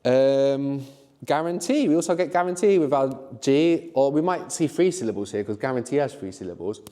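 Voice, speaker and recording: A middle-aged man teaching a live workshop, encouraging the learners and often checking in with a quick "no?". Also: medium pitch, lively intonation, dark tone, big-room sound. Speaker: language teacher.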